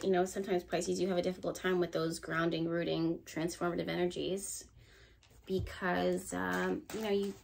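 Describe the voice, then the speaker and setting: A woman's voice: medium pitch, gravelly, slight background noise. A woman giving a casual tarot reading to camera, chatty and encouraging, talking straight to her viewers. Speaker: tarot reader.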